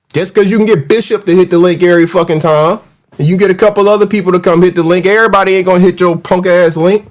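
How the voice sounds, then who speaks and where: A man hosting a casual livestream, ranting in a mocking, profane, heated way and reacting to the live chat. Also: sits high. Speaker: show host.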